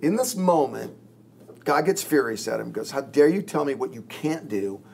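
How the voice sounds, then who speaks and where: A male pastor in a podcast chat, his voice gravelly with a bit of vocal fry. He tells stories earnestly and drops his voice to act out quoted lines. A faint hum sits behind him. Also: mid-range voice, expressive, moderate pace, a little mellow. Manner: earnest, storytelling, acts out quoted lines with dropping voice. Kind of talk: podcast discussion among pastors.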